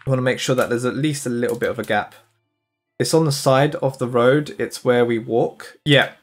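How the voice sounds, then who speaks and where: A young man with a British accent chats easily as he plays a game on stream. He laughs often and answers his viewers as he goes. His voice sits at an everyday middle pitch. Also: fairly even intonation, normal speed, soft background music. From United Kingdom. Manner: chatty, laughs often, replies to chat. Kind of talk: casual chat while gaming.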